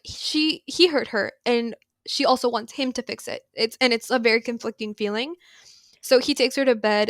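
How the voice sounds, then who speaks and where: A woman's voice: fairly high pitch, fairly bright tone, dry recording. A young woman co-hosting a podcast, recapping a novel in casual chat with lots of "like" and emphatic asides. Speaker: podcast co-host. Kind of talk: casual book discussion.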